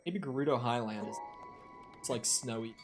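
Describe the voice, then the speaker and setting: A Minnesotan man with a light local accent streams a game, chatting casually, swearing freely and reading chat aloud as he answers it. His voice is medium in pitch at a normal speed, with faint music behind him.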